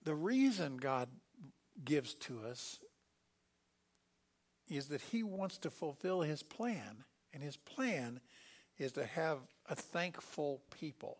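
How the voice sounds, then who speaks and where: A middle-aged man preaching a sermon, lively and animated, acting out quoted voices with sudden loud bursts. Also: on the high side, takes it slowly, long pauses. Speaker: pastor.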